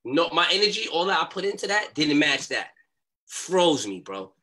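A young man telling a story as a podcast guest, in animated street talk and acting out what people said. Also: on the high side, normal speed. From New York.

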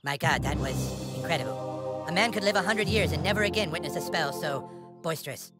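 Guy doing a bossy scheming cartoon kid wizard, high voice, all over the place, music loud behind. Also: expressive, brisk, close to an everyday voice. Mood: awed. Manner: pompous, commanding, theatrical. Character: bossy boy wizard leader, pompous and scheming. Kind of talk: video game dialogue.

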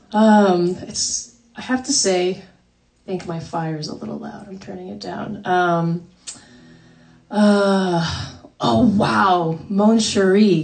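A woman's voice: on the low side, vocal fry, a little mellow. A woman singer-songwriter chatting casually between songs on a livestream from home, talking in a self-deprecating way and laughing often. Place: home, by a fire. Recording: voice somewhat distant from the mic.

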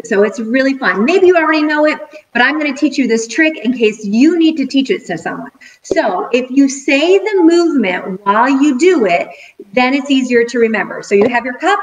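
A middle-aged woman teacher giving a cheerful video lesson to young children, counting out rhythms slowly and clearly. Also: high voice, lively intonation, poor audio. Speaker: school teacher.

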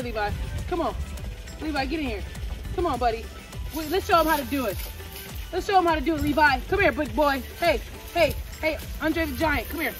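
A woman vlogging casually and cheering a pet on in a playful, loud way. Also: high voice. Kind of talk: casual vlog chat. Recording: background music over the voice. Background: music.

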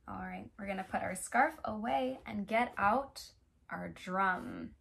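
Young woman running a toddler music class, high voice, slow easy talk, playful, keeps asking the kids questions. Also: animated, vocal fry. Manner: gentle, playful, talks straight to small children with many questions. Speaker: children's music teacher.

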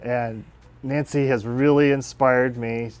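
A male adult-school teacher speaks proudly about one of his graduating students. His voice sits in an ordinary middle pitch, and he talks in a plain, sincere way. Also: fairly even intonation, slow. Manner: warm and proud. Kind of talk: speech honoring a graduate.

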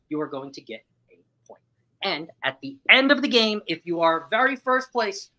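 A woman's voice, lowish in pitch yet bright and ringing, hosting a live stream quiz. She swings up and down a lot as she talks. She is chatty and upbeat, breaking into laughs as she reads viewers' answers. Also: low-quality recording. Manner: chatty, upbeat, laughs often while reading chat replies. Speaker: livestream host running a trivia game. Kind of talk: casual live-stream chat.

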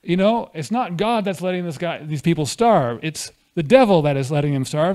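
A man's voice: fairly high pitch, animated, normal speed, few pauses, darkish tone. A man preaching a conversational sermon at a church fellowship, often asking the congregation questions.

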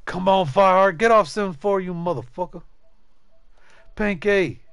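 Male streamer, casual rambling chat, swears freely, slightly raised pitch. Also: normal speed, vocal fry, a bit bright, smooth, no echo. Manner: loose and profane, rambling, jokey. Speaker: gaming streamer.

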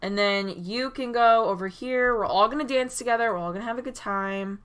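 A woman giving chatty, excitable commentary over a life-sim game, recorded on a desk mic at her computer. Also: fairly high pitch, fairly quick, clear, resonant tone. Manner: chatty and excitable, frequent "oh my gosh" and small gasps. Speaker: gaming YouTuber. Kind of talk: casual gameplay commentary.

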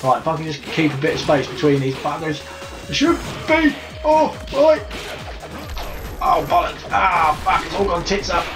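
Fairly high-pitched and fairly quick, barely pausing, this gamer narrates his own play with nonstop swearing and frustrated outbursts. The mic sits far away, and loud game music plays.

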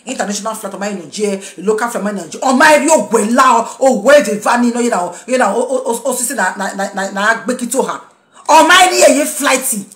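A woman's voice: medium pitch, echoey room. A woman, angrily ranting at critics on social media, mixing pidgin English with a local language. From Nigeria. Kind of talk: angry rant to followers.

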